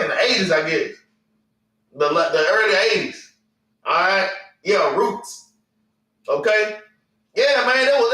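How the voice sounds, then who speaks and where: Picked up from a distance in an echoing room, a man with a high, bright, forceful voice leads a Bible class. He reads from scripture and preaches in a blunt, slangy way, cursing and often ending lines with "man" or "all right".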